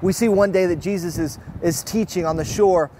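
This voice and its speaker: A man's voice: sits high, normal speed, a little hiss or hum. A young adult man, preaching a sermon and telling a personal story with acted-out quotes. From Fort Worth, Texas. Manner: lively storyteller, acts out quotes. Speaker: pastor. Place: online church service.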